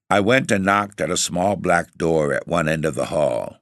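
A man narrating a first-person story in a measured, clear storytelling manner. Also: deep voice, animated, fairly bright tone, no room sound, clean studio sound. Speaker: audiobook narrator.

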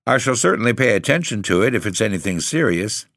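A man voicing an irritable, scoffing gentleman who speaks in sharp, indignant outbursts. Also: on the low side, animated, quick pace, no room sound, studio quality, pitched above the performer's own voice. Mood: irritated.

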